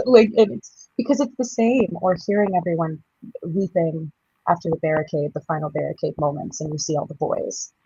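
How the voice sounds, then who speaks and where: A touring musical theatre actress in her 30s joins a casual interview chat as a guest, her voice low and husky. She's a bubbly raconteur who laughs often and tells stories with lively energy at a normal speed, recorded with dry lo-fi sound.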